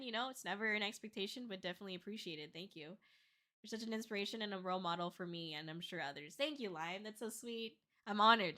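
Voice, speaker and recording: A young woman streamer chatting casually with her viewers, soft and emotional, teary after crying and laughing between thank-yous. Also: mid-range voice. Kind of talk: casual livestream chat reading comments.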